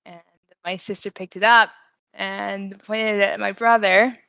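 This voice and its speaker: Giggly young woman with a gravelly edge. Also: medium pitch, level tone, a little slow, a bit bright, no echo, muffled recording. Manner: giggly storyteller, laughs through her stories. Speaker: podcast co-host. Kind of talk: casual chat.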